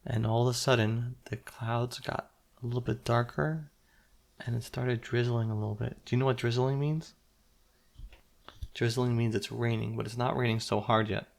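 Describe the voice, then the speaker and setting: A man telling a children's story aloud in simple, gentle words, pausing to quiz the listening child. His voice is gravelly, at a middle pitch. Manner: interactive, asks the listening child questions.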